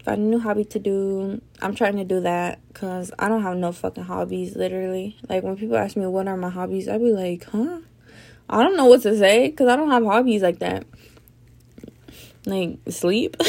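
A woman's voice: medium pitch, creaky, warm tone. A young woman hosting a casual solo podcast, rambling with lots of fillers and swearing, sleepy and yawning. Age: young adult. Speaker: podcast host.

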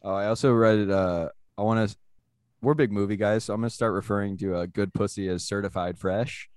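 A man's voice: lowish voice, fairly even intonation, a little fast, a little mellow, clean tone, dry recording, clean studio sound. A man hosting a comedy podcast, joking and laughing often, restarting his sentences. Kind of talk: casual comedy podcast chat.

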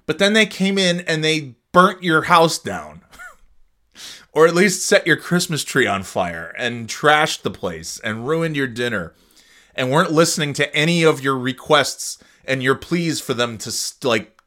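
A man rambling casually as a podcast host, swearing freely as he retells a story. His voice is bright and sharp, and his pitch swings widely from line to line. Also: measured pace. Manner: rambling, profane, animated retelling. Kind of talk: casual chat.

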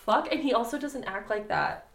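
A woman's voice: on the high side, very animated, moderate pace. A young woman co-hosting a podcast, telling a history story in casual chat, laughing often and swearing freely. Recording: echoey room.

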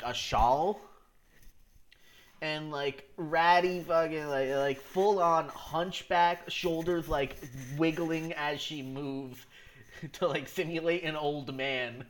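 A man with a slightly raised pitch, talking casually as a podcast co-host. He rambles through his points, laughing often and restarting sentences as he goes. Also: a little slow, fairly bright tone. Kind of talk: casual chat.

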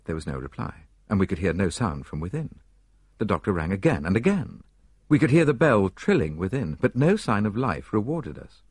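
Man reading an audiobook, low voice, lots of ups and downs, bit husky. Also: very animated, normal speed, a little mellow, no echo. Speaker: narrator. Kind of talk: audiobook narration.

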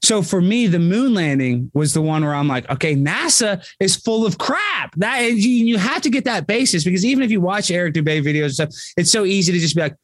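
Emphatic, high-ish podcast guest, man. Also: expressive, quick pace, hardly any pauses, no room sound, clean studio sound. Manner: rambling, emphatic, swings pitch widely when worked up. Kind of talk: casual podcast chat.

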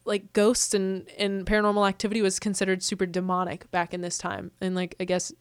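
A woman's voice: medium pitch, monotone, a little fast, clean tone, dry recording, studio quality. A woman co-hosting a podcast in casual chat, telling a story with lots of fillers and laughs. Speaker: podcast co-host.

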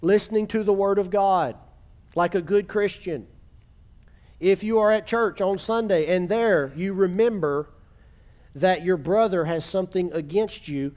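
A pastor with a fairly high male voice delivering a sermon in church. He preaches earnestly, drawing out key words and asking the congregation to repeat after him. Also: measured pace, a little mellow.

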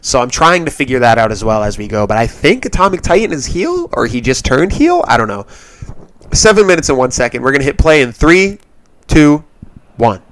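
A man's voice: medium pitch, very animated, fairly quick, fairly bright tone, dry recording. A man hosting a podcast, chatting casually and a bit rambly as he reviews a wrestling show. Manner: rambling and self-interrupting, laughs easily, frank. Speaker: podcast host.

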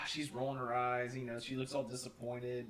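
A man's voice: mid-range voice, completely flat delivery, normal speed, fairly bright tone. Rambling, laughing young man telling stories. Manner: storytelling, laughs often, rambling with restarts. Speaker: podcast co-host. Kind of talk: casual chat.

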